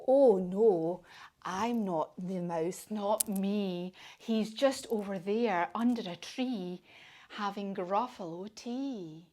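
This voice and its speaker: A woman voicing a sly storybook fox in a children's yoga class, mumbling low denials. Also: slow, warm tone. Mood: evasive.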